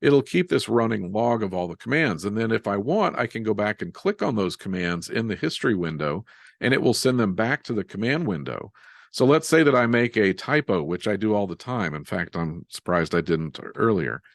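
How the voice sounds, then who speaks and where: A man leads a live software webinar in a fairly low voice. He sounds relaxed and joins the steps together as he types, poking fun at his own typos. The sound is dry and close, with no room echo. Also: normal speed, creaky. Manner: relaxed, self-deprecating, walks through steps while typing. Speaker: software instructor.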